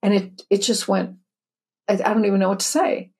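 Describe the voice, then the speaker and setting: A woman's voice: mid-range voice, steady tone, a little fast, a little mellow. A woman in her fifties or older, a spiritual teacher and author, telling her story in an interview in an earnest, chatty way with many restarts.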